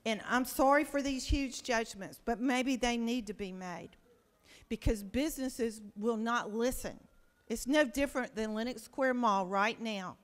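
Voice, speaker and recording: A woman's voice: on the high side, unhurried. Impassioned woman senator, echoing chamber. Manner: emotional, pleading, rhetorical questions. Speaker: state senator. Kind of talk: impassioned floor speech. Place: large legislative chamber. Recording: long reverb of a large chamber.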